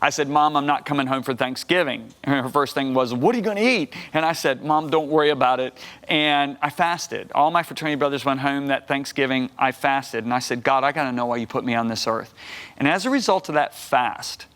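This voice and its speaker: Energetic older man telling his story. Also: mid-range voice, a little fast, clean tone. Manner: energetic, quotes people in lively voices. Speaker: guest minister and author. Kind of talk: animated storytelling testimony. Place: TV studio talk set.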